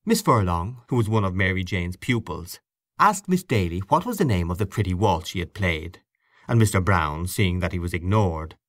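A man's voice: deep voice, no echo, studio quality. A man narrating an audiobook, reading expressively and switching into character voices. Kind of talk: scripted narration.

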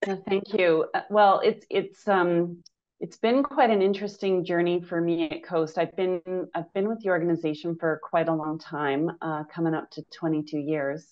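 Deep-voiced woman on dull lo-fi audio. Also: steady tone. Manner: halting, many ums and restarts. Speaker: credit union executive panelist. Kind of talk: conference panel remarks.

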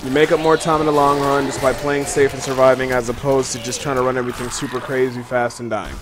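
A game streamer, tired and yawning, talks fast in a medium, fairly flat voice while casually explaining game mechanics to viewers as he plays. Loud game music fills the noisy background.

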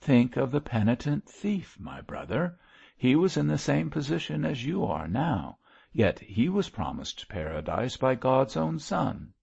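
A man's voice: mid-range voice, big pitch swings, measured pace, creaky, darkish tone, breathy edge, voice pushed up, heavily acted. A man voicing a fervent lay preacher who pleads and lectures in a grave, preachy manner. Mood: earnest. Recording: muffled lo-fi recording.

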